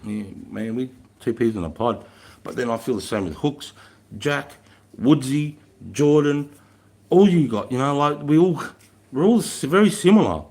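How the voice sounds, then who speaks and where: A man's voice: mid-range voice, expressive, moderate pace, darkish tone. Rambling, swearing Australian man. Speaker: livestream guest. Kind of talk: casual chat.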